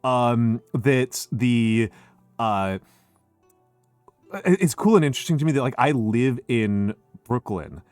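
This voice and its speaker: A man's voice: medium pitch, slow, a little mellow, no room sound, faint music behind. Chatty man in General American accent. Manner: chatty, restarts often, lectures on history. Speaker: streamer host. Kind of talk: casual chat.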